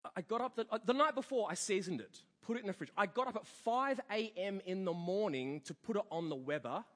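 A man's voice: high voice, fairly quick. A man preaching a sermon, telling a story and acting out the people in it. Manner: storytelling with animated quoted voices. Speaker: pastor. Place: church hall. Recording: long church hall reverb.

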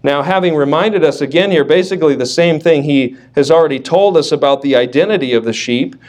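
Guy preaching a sermon, kinda high voice, repeats words for emphasis, cracks little jokes. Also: fairly quick, darkish tone. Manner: emphatic, repeats words for stress, light joking asides. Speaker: pastor.

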